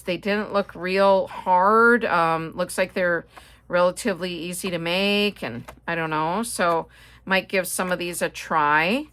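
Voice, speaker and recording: A middle-aged woman with a Midwestern American accent talks through her purchases in a relaxed, rambling way. Her voice sits a little low, and she fills pauses with "um" and side comments. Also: a little hiss or hum. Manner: chatty, rambling, with frequent fillers and asides. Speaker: haul video host. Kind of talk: casual chat.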